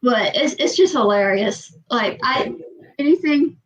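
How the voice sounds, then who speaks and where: A woman with a fairly high voice tells loose, rambling stories in an easygoing chat. She often slips into acting out other people's lines. The audio is dull and lo-fi. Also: unhurried. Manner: rambling, animated storytelling with acted quotes. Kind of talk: casual chat.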